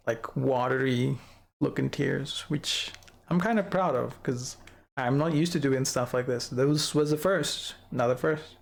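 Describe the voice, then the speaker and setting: A young adult with a gravelly, mid-range voice chats casually on a live stream, showing viewers an avatar model. They giggle often, ramble through their thoughts, and keep talking to chat.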